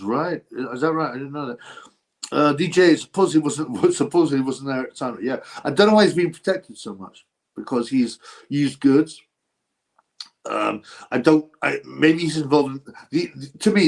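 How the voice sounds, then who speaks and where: A man hosting a boxing channel livestream, chatting loosely and answering viewer comments. He wanders between topics, asks himself questions and restarts his sentences. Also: mid-range voice.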